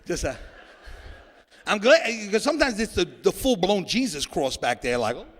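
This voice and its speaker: A man's voice: high voice, big pitch swings, moderate pace. A man performing a stand-up comedy set, joking and riffing with an audience in a church hall.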